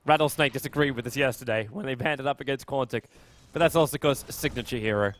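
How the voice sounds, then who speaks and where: A young man casting a live esports match, chatting casually and then rising into fast, excited play-by-play during fights. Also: medium pitch, slight background noise. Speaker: esports caster. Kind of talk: live game commentary.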